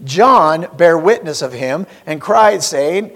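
Male pastor, high voice, Sunday sermon, questions to the pews, slow stressed scripture reading. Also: lively intonation, fairly bright tone. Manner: preaching with rising emphasis and rhetorical questions.

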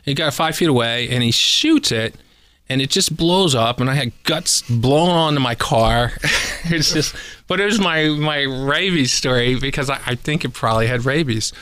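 A man's voice: medium pitch, normal speed, fairly bright tone, no echo. Chatty pest control guy on a radio show, ums and little laughs, dry close sound. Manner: rambling, chuckling, many fillers. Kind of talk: casual radio interview storytelling.

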